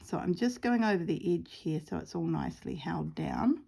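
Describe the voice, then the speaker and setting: Woman, New Zealand accent, middle-aged, gravelly, mellow, rambling, self-deprecating, sewing vlog. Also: on the low side, animated, normal speed. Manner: rambling, chatty, self-deprecating, drops to murmurs while sewing. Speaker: sewing vlogger. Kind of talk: casual crafting chat. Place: outdoors at home.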